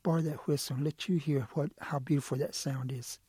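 A man voicing an eager, curious male quail in a told folk tale, pleading and excited in a raised voice. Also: a little high, fairly quick, breathy edge, no echo, clean studio sound. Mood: wheedling.

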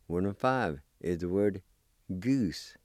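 A man giving a slow language lesson, spelling and pronouncing each word and repeating it patiently. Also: deep voice, lively intonation, darkish tone, no echo, clean studio sound. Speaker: language teacher.

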